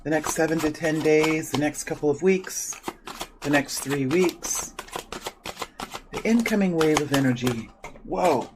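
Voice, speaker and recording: A man doing a solo tarot reading, speaking softly and repeating invocations while shuffling, with his morning voice. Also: fairly high pitch, measured pace, background noise. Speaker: tarot reader.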